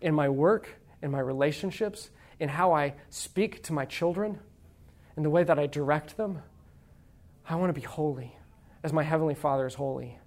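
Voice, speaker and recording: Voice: mid-range voice, normal speed, darkish tone. A preacher giving a sermon in a conversational way, asking the congregation rhetorical questions, reading quotations aloud with emphasis and dropping playful asides.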